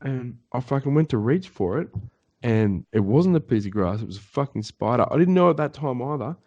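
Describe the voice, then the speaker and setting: A man's voice: medium pitch, a little fast, dull audio. A man, co-hosting a podcast, telling a story in casual chat and swearing a lot as he acts out the voices of the people in it. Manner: animated, swearing often, acts out voices in his stories. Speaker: podcast co-host.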